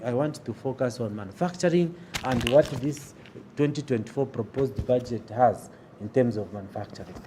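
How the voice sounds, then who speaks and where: Man, Zambian English accent, politician at a press briefing, emphatic and deliberate, faint noise behind. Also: mid-range voice. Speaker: opposition member of parliament.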